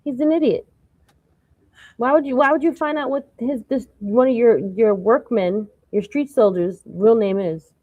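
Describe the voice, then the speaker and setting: A woman's voice: on the high side, normal speed, no echo, narrow, tinny audio. A woman co-hosting a TV review show, giving blunt, reactive comments in casual chat.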